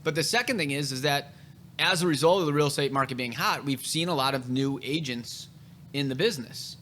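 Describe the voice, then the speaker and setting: A man's voice: on the high side, a little fast, a bit bright, slight background noise. A man hosting a casual podcast chat, telling real estate stories in a blunt, profane way.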